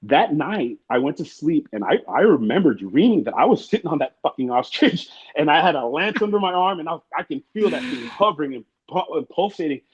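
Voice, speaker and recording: Fast-talking husky man telling stories. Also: fairly high pitch, expressive. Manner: rambling, profane, acts out quotes. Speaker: interview guest. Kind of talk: casual storytelling. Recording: muffled lo-fi sound.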